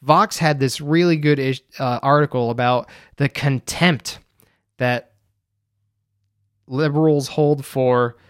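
A man's voice: mid-range voice, fairly even intonation, takes it slowly, pauses often, clean tone, dry recording, studio quality. A young man from the United States, hosting a podcast alone and rambling casually with lots of fillers. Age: young adult. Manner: rambling, loose and chatty with frequent fillers. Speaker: podcast host. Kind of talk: casual solo monologue.

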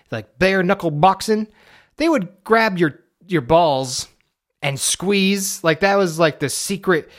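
A man's voice: fairly high pitch, a bit bright. Rambling, swearing man talking to camera. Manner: rambling, profane, self-deprecating. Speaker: vlogger; amateur stage actor. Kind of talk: casual rambling monologue.

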